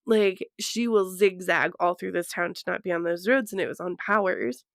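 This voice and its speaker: A woman's voice: fairly low pitch, moderate pace, gravelly, no room sound, clean studio sound. A woman in her thirties from Colorado, a podcast co-host, talking frankly and profanely in casual chat and laughing often.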